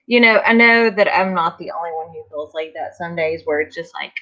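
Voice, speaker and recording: A tired, yawning woman hosting a casual livestream, chatting slowly and greeting viewers by name. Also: on the low side, lo-fi sound. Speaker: livestream host of a vinyl crafting channel.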